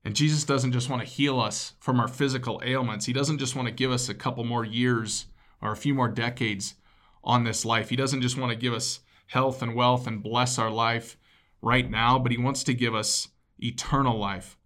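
A man's voice: medium pitch, steady tone, moderate pace, fairly bright tone. Casual man preaching a sermon. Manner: casual, conversational preaching with asides to the listeners. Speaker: pastor.

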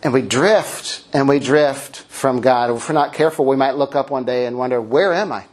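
A middle-aged man preaching a sermon, telling stories with self-mocking humor and animated delivery. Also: moderate pace. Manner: animated, swings into high character voices. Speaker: pastor.

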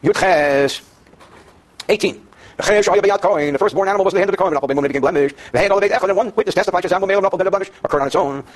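A man with a fast, high-sitting voice teaches Jewish law to students in the room each day. This Torah teacher reads Hebrew passages, follows with translations, and explains them with jokes.

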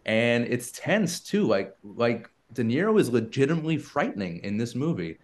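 A man with a mid-range voice hosts a relaxed film chat, warm in his enthusiasm and full of recommendations. He fills the gaps with small "uh"s and keeps the talk rolling. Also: mid-range voice, normal speed.

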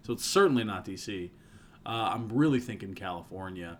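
Podcast co-host, male, low voice, chatty and repetitive, faint room tone. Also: lively intonation, a little fast, a little hiss or hum. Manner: talkative, repeats himself when starting a thought. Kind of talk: casual chat.

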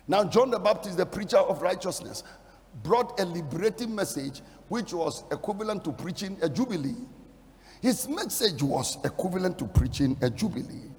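A man preaching a sermon, emphatic and building into shouted declarations. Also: sits high, long reverb tail.

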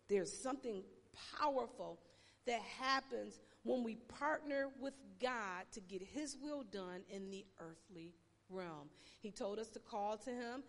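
A woman pastor preaches slowly and deliberately, leaning on long pauses and sudden exclamations. Her voice is gravelly and sounds tired, a little high for a woman. It rings out in a reverberant hall. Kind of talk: sermon.

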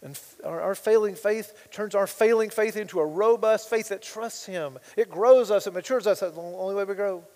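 A man with a high voice preaching a sermon in a big hall with a long echo. He drops to quiet asides, then builds to loud, impassioned passages, reading scripture with mounting force. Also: brisk, hardly any pauses. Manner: reads scripture aloud with rising intensity. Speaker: pastor.

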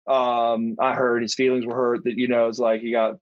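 A man's voice: mid-range voice, level tone, normal speed, no echo. A middle-aged former pro wrestler, a man, telling stories as an interview guest, rambling with many restarts. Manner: rambling, with frequent restarts and acted-out quotes. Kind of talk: casual storytelling. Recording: dull, dry lo-fi audio.

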